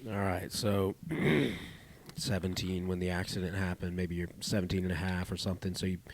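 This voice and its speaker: Male interviewer, low voice, calm and probing questioner. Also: moderate pace, a little hiss or hum. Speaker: podcast host.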